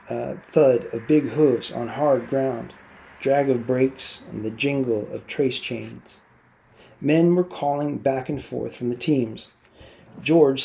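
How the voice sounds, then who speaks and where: A man, a teacher, narrating a novel aloud in a steady, unhurried storytelling manner. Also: medium pitch, gravelly.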